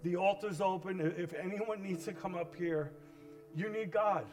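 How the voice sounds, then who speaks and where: A male pastor making an impassioned altar call during a sermon, moving from hushed pleading to loud cries. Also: sits high, measured pace, music in the background.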